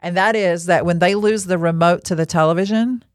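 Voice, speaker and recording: A middle-aged woman with a slightly low voice, teaching scripture in a chatty, animated way. She keeps her talk loose and conversational, slipping funny personal stories in between verses. The recording is close and dry, with no room sound. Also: a little fast, no echo. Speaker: podcast Bible teacher.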